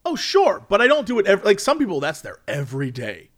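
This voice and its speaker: A man with a high voice chatting casually as a streamer. His pitch swings widely as he acts out what chat says. He talks in loose, animated bursts. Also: fairly quick.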